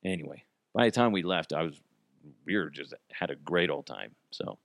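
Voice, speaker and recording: A man's voice: sing-song, normal speed, gravelly, dry recording, studio quality. A man hosting a casual podcast, rambling through a funny story, laughing often and acting out what people said. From Colorado. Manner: reads ad copy in a hyped pitch. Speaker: podcast host.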